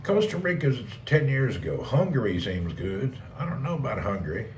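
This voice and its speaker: A man's voice: medium pitch, big pitch swings, moderate pace, over music. A man hosting a casual live stream, rambling and joking as he reads and answers chat messages. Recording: roomy, distant mic with faint ambience.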